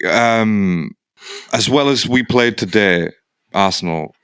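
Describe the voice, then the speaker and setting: A man's voice: lowish voice, takes it slowly, fairly bright tone, clear, resonant tone, dry recording, studio quality. A man co-hosting a sports podcast, talking in a rambling, casual way with many fillers and restarts. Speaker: podcast co-host.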